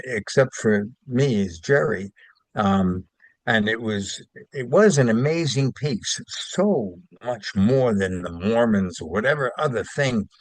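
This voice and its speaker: A man's voice: mid-range voice, no room sound. An older man from Brooklyn, chatting as an interview guest and rambling through anecdotes with fillers and restarts. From Brooklyn, New York. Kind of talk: casual interview chat.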